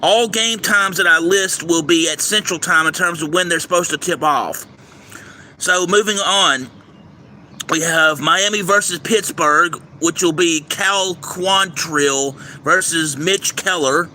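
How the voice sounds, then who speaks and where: A man hosting a livestream, reading out a game schedule and his picks in a steady list, sometimes stumbling over names, recorded outdoors near a railway. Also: fairly high pitch, unhurried. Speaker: livestream host giving baseball picks. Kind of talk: casual livestream commentary. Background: faint traffic and train noise.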